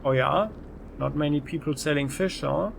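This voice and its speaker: A man's voice: on the high side, normal speed, creaky, slight background noise. A man hosting a let's play, giving casual gameplay commentary with jokey, rambling asides. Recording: faint game music behind.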